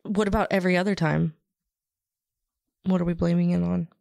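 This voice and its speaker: A woman's voice: on the low side, fairly even intonation, brisk, gravelly, darkish tone, no room sound, clean studio sound. A woman co-hosting a podcast, bluntly teasing her co-host and retelling film scenes in casual chat.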